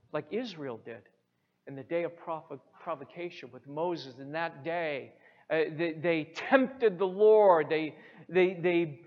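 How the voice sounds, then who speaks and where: Emphatic high-voiced male preacher. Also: takes it slowly. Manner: emphatic preaching, repeats phrases for stress. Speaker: pastor. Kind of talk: sermon. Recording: muffled sound in a reverberant hall.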